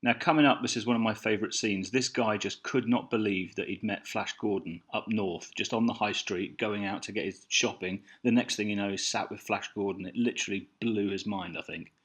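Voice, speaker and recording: A man's voice: lowish voice, steady tone, a little fast, few pauses, breathy edge. A man with a Birmingham accent, chatting casually through a film audio commentary. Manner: easygoing, chatty, a few restarts. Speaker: documentary commentary co-host.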